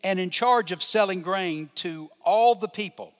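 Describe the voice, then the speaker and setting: A man's voice: high voice, measured pace. An older man, a pastor, teaching a Bible class in a conversational way, putting questions to his listeners and answering them. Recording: long hall reverb.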